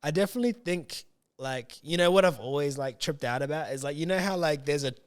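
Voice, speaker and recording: Rambling man with a smooth voice. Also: fairly high pitch, brisk. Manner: rambling, filler-heavy, often restarts his sentences. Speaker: podcast host. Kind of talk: casual chat.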